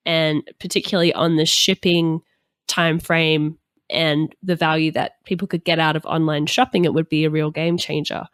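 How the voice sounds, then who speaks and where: A woman hosting a business podcast, chatting casually with a slow, drawn-out delivery. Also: deep voice, no echo. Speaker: podcast host.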